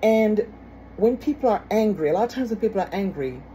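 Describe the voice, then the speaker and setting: A woman speaking in an emphatic, casual teaching manner. She has a warm, mellow tone, often repeats her key phrases and asks rhetorical questions. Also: medium pitch, animated, fairly quick, slight background noise, rough recording. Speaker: speaker on forgiveness.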